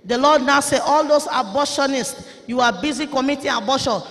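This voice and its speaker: A Nigerian woman preaches a fiery sermon in a very high, piercing voice. She is forceful and often breaks into shouting. A long hall reverb trails every word. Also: fairly quick.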